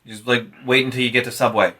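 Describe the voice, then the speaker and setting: Voice with sarcastic quips, bright tone. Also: mid-range voice, level tone, fast talker. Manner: wry, sarcastic quips and asides. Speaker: podcast co-host. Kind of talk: casual chat.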